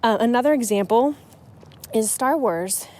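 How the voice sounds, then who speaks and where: Mellow-voiced chatty woman podcaster. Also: on the high side, lively intonation, unhurried. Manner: chatty and emotional, with frequent restarts. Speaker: podcast host on writing. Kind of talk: casual solo podcast talk.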